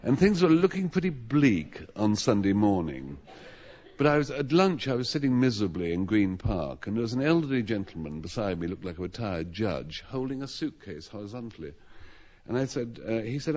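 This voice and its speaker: A man with a low voice tells a rambling, self-mocking comic story on a radio panel show, his pitch rising and falling in lively swings. He stumbles over restarts as he talks. The sound is dull and lo-fi, like an old broadcast. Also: moderate pace. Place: radio studio with audience.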